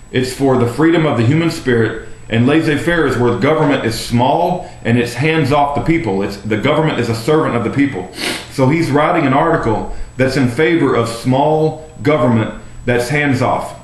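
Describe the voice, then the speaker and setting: Guy ranting preachy and fired up, lots of uhs and ums, reads a long text out loud, roomy echo. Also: medium pitch. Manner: preachy and fervent, with frequent uh and um fillers. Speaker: political commentator. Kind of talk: ranting monologue and reading aloud.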